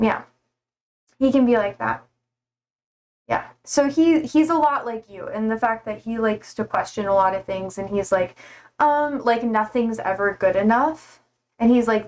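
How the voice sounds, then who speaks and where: A woman's voice: a little high, moderate pace, a little mellow. A woman streaming live, talking casually to her chat in a slightly raised voice. She rambles from thought to thought and laughs at her own shortcomings. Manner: rambling, laughing, self-deprecating.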